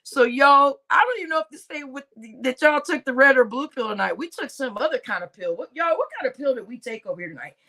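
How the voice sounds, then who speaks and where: A woman's voice: high voice, expressive, fast, hardly any pauses, sharp tone. A woman hosting a casual live stream, chatting and laughing with her viewers and addressing them as y'all. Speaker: livestream host.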